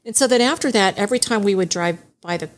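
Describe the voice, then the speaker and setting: This is a middle-aged woman chatting as a podcast guest, telling anecdotes with lively energy and frequent laughter. Her pitch sits in an ordinary middle range for a woman. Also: quick pace. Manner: animated, laughs often while telling stories. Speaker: guest, divorce mediation attorney. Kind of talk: casual podcast storytelling.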